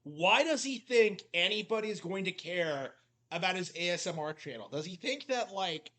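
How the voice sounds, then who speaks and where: A man's voice: high-pitched, lively intonation, moderate pace, pushed and bright. A man giving mocking reaction commentary, talking loosely and filling his sentences with "like". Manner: mocking, heavy use of "like" fillers. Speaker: commentary YouTuber.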